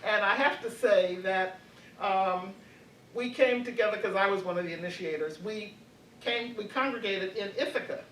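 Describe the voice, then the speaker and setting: A woman's voice: medium pitch, normal speed, a bit bright, echoey room, distant mic, a little hiss or hum, poor audio. An older woman in her eighties, reflecting on her college years as a panelist, hesitant with many fillers and restarts and frequent laughs. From Baltimore. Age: 80s. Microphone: video call.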